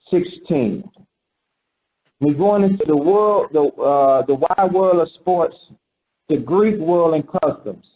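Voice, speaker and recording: A man with a notably high voice teaches scripture in a loose, conversational sermon, tossing questions to his listeners and slipping into quoted voices. The recording is dull and lo-fi. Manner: animated, quizzes listeners and acts out quotes. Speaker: preacher teaching a congregation.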